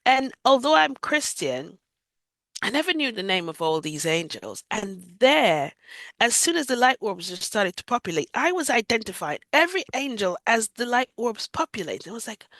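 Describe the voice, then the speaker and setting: A woman's voice: fairly high pitch, very animated, moderate pace, a bit bright, no room sound. A woman from Jamaica, giving a vivid, emotional retelling of her own story as an interview guest. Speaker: guest sharing a near-death experience.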